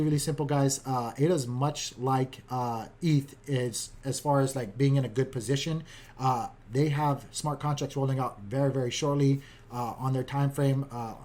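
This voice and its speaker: A man, a father of a young child, giving a casual, upbeat market recap in quick, chatty commentary. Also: mid-range voice, darkish tone. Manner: upbeat, keeps saying "guys", talks fast.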